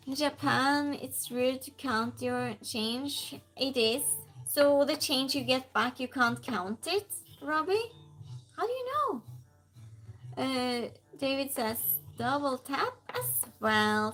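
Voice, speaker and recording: Woman, stream host; chatty, laughs easily, greets viewers by name, pitched a bit high. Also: a bit bright. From Sweden. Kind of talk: casual livestream chat, reading viewer comments aloud.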